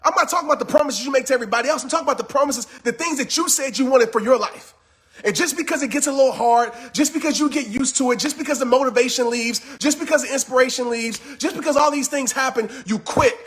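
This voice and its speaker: A man giving a fired-up motivational talk on a live stream, yelling with intense, repetitive, preachy urgency, just after a workout. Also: very high voice, fast. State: just finished working out. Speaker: motivational speaker.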